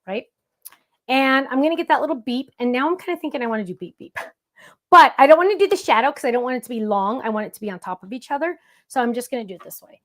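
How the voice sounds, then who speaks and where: Her voice is high and a touch bright as she runs a live craft demonstration from her table. While she works, the crafting show host chats and jokes playfully with the people in her stream's chat.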